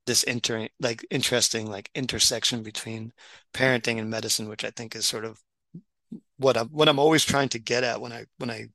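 A man's voice: mid-range voice, steady tone, fairly quick, vocal fry, sharp tone, dry recording, poor audio. A middle-aged man, a doctor and writer, talking casually with many restarts and fillers. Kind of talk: casual podcast conversation.

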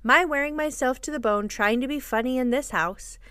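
A woman voicing a blustering, self-pitying middle-aged father who talks loudly and pompously. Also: high-pitched, fairly quick, smooth, no echo, voice pushed up.

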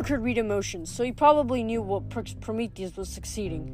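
A woman reading a novel aloud, briskly and expressively. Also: medium pitch, animated, a little mellow, soft background music. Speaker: reader.

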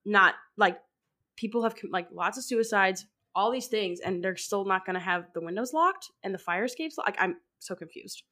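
A woman co-hosting a podcast in casual chat, rambling and excitable, filling her talk with "like.". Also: medium pitch, normal speed. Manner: rambling, fills with "like"; excitable, laughs often. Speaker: podcast co-host.

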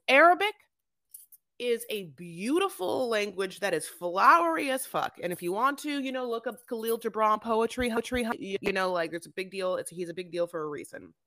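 A woman's voice: on the high side, fairly bright tone, no room sound, clean studio sound. A woman co-hosting a podcast, chatting casually and sassily, calling people "honey" and swearing freely as she goes off on tangents. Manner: sassy, tangent-prone, peppers talk with "honey" and swearing. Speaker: podcast co-host. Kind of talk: casual reality-TV recap chat.

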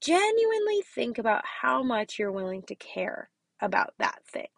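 A woman's voice: a little high, sing-song, moderate pace, gravelly, dry recording. A woman who teaches kindergarten, hosting a casual motivational podcast and speaking emphatically, often checking in with "okay?" and dropping to a whisper to stress a point. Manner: emphatic, repeats "okay?" to the listener; drops to a whisper for key points.

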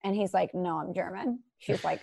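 Earnest animated woman in casual chat. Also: lowish voice, normal speed, vocal fry, slight background noise.

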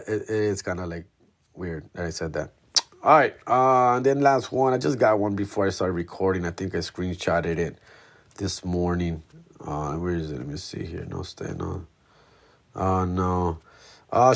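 A man, hosting a comedy podcast in a laid-back, slangy, profane monologue. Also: on the low side.

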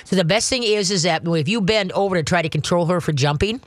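A man's voice: sits high, quick pace, dry recording. Folksy Midwestern man hosting a radio show. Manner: folksy, rambling, with many restarts and fillers. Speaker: radio call-in host giving dog training advice. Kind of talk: casual call-in radio chat. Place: radio studio. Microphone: studio microphone.

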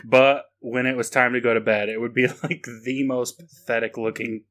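A man's voice: medium pitch, level tone, moderate pace, fairly bright tone. Podcast host guy, dry teasing jokes, easygoing chat. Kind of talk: casual chat.

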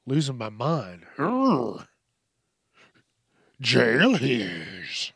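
This podcast host sounds tired and a bit high-pitched, with a sing-song, slow delivery, vocal fry, and husky texture. The studio-quality recording has no room sound. Alone at night, he wanders through profane, self-interrupting talk, losing his thread and restarting.

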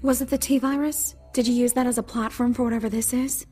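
A man voicing an earnest young woman scientist in an audiobook, talking fast and deadly serious. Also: high-pitched, steady tone, a little mellow, faint music behind, voice pushed up, lightly acted. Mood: urgent.

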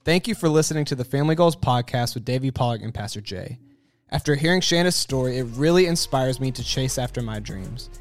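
A man's voice: medium pitch, animated, a little fast. A man hosting a podcast, reading an earnest, encouraging closing message. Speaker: podcast host. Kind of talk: scripted outro. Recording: music bed under voice.

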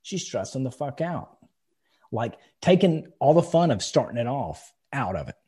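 A man's voice: mid-range voice, sing-song, moderate pace, warm tone, slightly rough. A man co-hosting a podcast, swearing freely and telling blunt personal stories in casual chat. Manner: blunt, profane, storytelling. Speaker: podcast co-host.

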